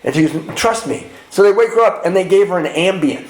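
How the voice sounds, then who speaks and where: A man's voice: high-pitched, animated, a little fast, slight background noise. A man speaking at a men's retreat, telling a candid personal recovery story and acting out the lines of the people in it. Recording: roomy echo in a retreat hall.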